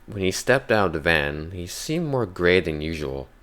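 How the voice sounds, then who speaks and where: A man with an extremely deep, low voice tells a scripted horror story. His narration is measured and unhurried, leaning into the calm of first-person telling.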